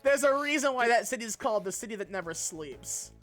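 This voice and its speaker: A woman streaming a game, chatting casually and swearing freely as she tells animated stories. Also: a little high, quick pace, faint music behind. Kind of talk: casual gaming stream chat.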